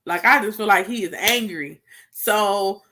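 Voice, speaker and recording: A young woman co-hosting a casual chat about marriage, candid and quick to laugh, talking straight to the viewers. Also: medium pitch, sharp tone. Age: young adult. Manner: candid, laughs often, talks to viewers as y'all. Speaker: co-host.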